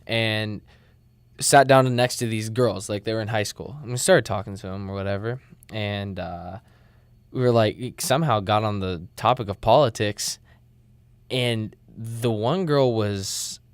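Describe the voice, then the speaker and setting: Teen guy guest, relaxed and slangy, low smooth voice, dry sound. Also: a little slow, no room sound. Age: late teens. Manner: laid-back, slangy. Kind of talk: casual podcast chat.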